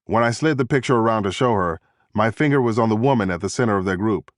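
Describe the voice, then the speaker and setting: Low-voiced man narrating a thriller. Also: no room sound, studio quality. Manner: measured, steady storytelling. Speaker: audiobook narrator. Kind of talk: first-person thriller narration.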